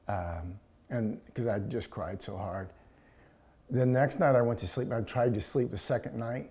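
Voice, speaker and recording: A man preaching a sermon, telling a personal story in a hushed, emotional tone. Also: medium pitch. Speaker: pastor.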